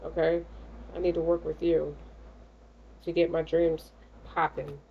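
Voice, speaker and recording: A woman's voice: deep voice, little pitch movement, unhurried, phone-quality sound, a little hiss or hum. A woman giving a casual tarot reading in a blunt, slangy, streetwise way. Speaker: tarot reader.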